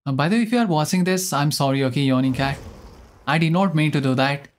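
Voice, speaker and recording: A young man streaming a game live, chatting in a rambling, excitable way and often mocking his own mistakes. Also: on the high side, fast talker, a little hiss or hum. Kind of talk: live gameplay commentary.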